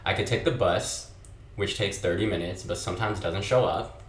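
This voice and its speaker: Young male podcast host, low-pitched, casual and profane, echoey recording. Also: normal speed. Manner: relaxed, profane, lively storyteller. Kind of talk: casual chat.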